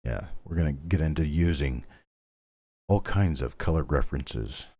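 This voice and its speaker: A man's voice: very deep voice, normal speed, warm tone, no echo, clean studio sound. A middle-aged man hosting a live online coin auction, calling bids steadily and chatting between lots. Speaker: auctioneer host.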